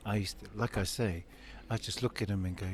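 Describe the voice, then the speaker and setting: Earnest man in his fifties, lower voice. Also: steady tone, fairly quick. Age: 50s. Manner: earnest, acts out quoted dialogue. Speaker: interview guest. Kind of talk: emotional personal storytelling.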